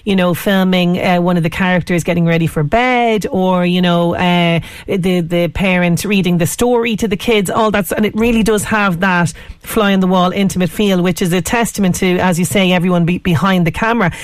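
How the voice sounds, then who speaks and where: A woman hosting a radio interview, gushing with praise and chatting warmly. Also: lowish voice, fairly even intonation, normal speed, no echo. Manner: enthusiastic, effusive praise. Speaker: radio show host.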